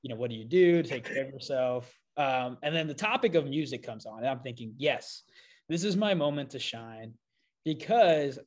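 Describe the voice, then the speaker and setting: A man hosting a podcast, telling a self-deprecating story in a casual, animated way with frequent fillers. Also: mid-range voice, normal speed. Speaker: podcast host.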